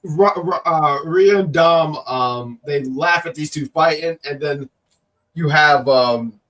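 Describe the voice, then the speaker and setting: A man's voice: a little high, slow, a bit bright, distant mic. A man with a cough co-hosts a casual live stream. He rambles and teases viewers in the chat. His voice sits a little back from the microphone. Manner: rambling, joking, reads chat comments aloud. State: working with a cough. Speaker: co-host of a wrestling review show.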